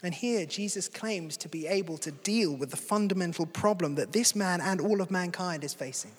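A man's voice: high-pitched, moderate pace, slightly rough. A man preaching a sermon in a conversational, earnest way. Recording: long hall reverb.

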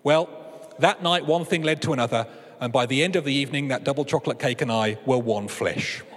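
A male preacher giving a sermon, moving from animated comic storytelling to earnest teaching. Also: mid-range voice, quick pace, big-room sound, background noise.

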